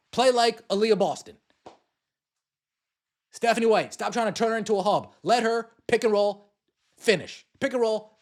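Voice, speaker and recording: A man hosting a podcast, delivering an angry sports rant, swearing and repeating himself. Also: sits high. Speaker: podcast host.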